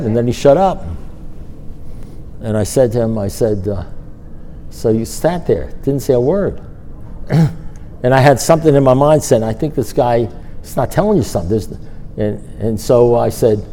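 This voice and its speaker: An older man shares his recovery story at a meeting. His voice is mellow, and he acts out past conversations with lively storytelling. Faint hiss sits under the recording. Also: mid-range voice, normal speed, pauses often. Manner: storytelling, animated, acts out dialogue. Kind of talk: personal testimony talk.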